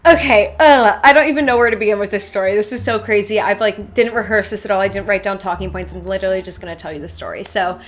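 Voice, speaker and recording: A woman's voice: mid-range voice, fairly even intonation, fast, few pauses. A young woman telling a casual storytime to her channel from her bedroom, chatty and full of "like". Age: young adult. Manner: chatty, filler-heavy, lots of "like". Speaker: YouTuber.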